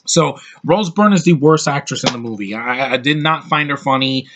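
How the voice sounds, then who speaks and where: A man talks through his take on a movie in an unscripted, opinionated ramble. He often cuts himself off and starts his sentences over. His pitch sits in the ordinary middle range for a man. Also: normal speed, fairly bright tone, slight background noise. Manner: rambling and opinionated, with frequent restarts. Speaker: movie reviewer. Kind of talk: casual film review.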